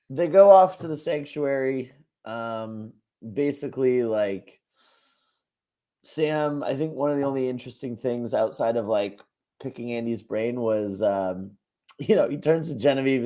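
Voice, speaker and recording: A man's voice: medium pitch, mellow. A man co-hosting a casual reaction podcast, talking animatedly, laughing often and acting out quotes in exaggerated voices. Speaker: podcast co-host.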